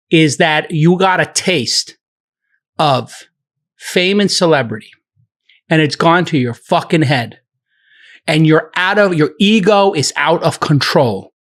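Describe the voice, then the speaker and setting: A middle-aged man moderating a podcast, ranting heatedly in a profane, animated argument. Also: fairly high pitch.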